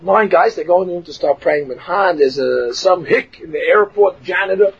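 A man teaching a Torah class, telling stories and acting out the quotes with animated laughter. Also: high voice, brisk, breathy edge, dull audio.

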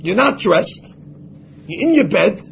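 High, gravelly-voiced man teaching a religious class. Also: big pitch swings, a little slow, muffled recording, a little hiss or hum. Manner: emphatic, acts out imagined voices. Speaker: Torah teacher.

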